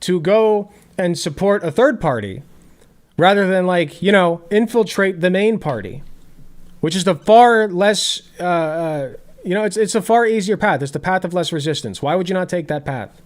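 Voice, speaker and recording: A man hosting political reaction commentary, arguing in an animated, sarcastic way. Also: high-pitched, moderate pace. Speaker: commentary host.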